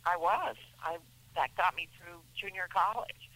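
A woman's voice: lowish voice, a little slow, sharp tone, rough recording. A middle-aged woman, an actress guest in a radio interview, talking in a chatty, rambling way with many restarts.

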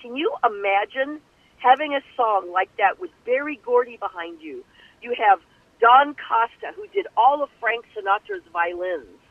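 An older woman tells her story down a tinny phone line, her gravelly voice rising and falling in lively swings. She is animated and acts out every voice she quotes. The line is dry and close. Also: a little high, normal speed, no echo. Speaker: guest singer. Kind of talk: storytelling interview. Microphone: telephone.

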